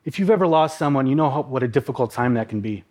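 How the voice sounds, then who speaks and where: A middle-aged man from Minnesota telling a personal story in a vivid, animated way. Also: medium pitch, fast. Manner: vivid, emotional, animated narration.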